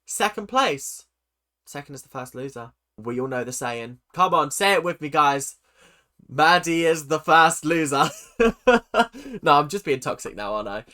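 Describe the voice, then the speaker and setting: A man's voice: medium pitch, lively intonation, moderate pace, sharp tone. A man giving chatty, sarcastic reaction commentary as host of his channel.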